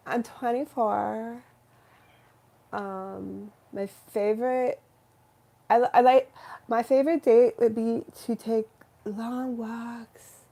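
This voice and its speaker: A woman's voice: on the high side, pitched above the performer's own voice. A woman doing a giggly ditzy valley girl. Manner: giggly, airy and breathy. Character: ditzy bubbly young valley girl, twenty-four.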